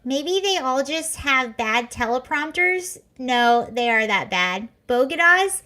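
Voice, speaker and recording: A woman with a somewhat high voice hosts a casual livestream. She chats sarcastically, laughs often and reads viewer comments aloud. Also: expressive, slow, sharp tone. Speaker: livestream host. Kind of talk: casual chat reacting to clips and comments.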